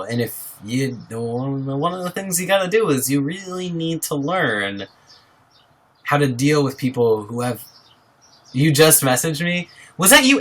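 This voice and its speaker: A man's voice: fairly high pitch, sharp tone. A man from Iowa chatting casually on a live stream, reading viewer comments aloud and answering them with frequent laughs. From Iowa, USA. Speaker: livestreamer.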